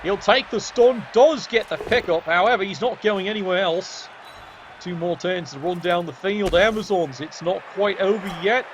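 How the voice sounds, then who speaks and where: A man's voice: sits high, moderate pace, a little hiss or hum. A man commentating a game match, sardonic and casually swearing as he talks straight to the players.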